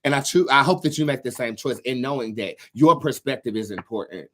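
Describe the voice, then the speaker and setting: A young man hosting a live tarot stream, chatting casually in an animated, campy way, swearing freely and laughing often. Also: medium pitch, brisk.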